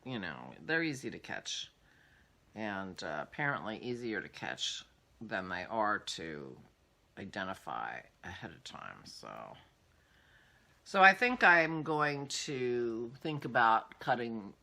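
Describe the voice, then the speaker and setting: A woman's voice: extremely low pitch, sing-song, slow pace, sharp tone. An older woman hosting a casual vlog, chatting in a rambling way as she thinks aloud. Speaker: podcast host.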